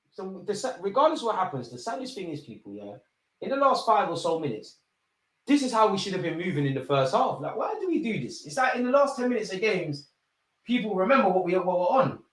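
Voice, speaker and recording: Excitable young man at a match. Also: sits high, brisk, husky. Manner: excitable, shouts at players and referee. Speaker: football fan channel host. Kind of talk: live match watch-along commentary.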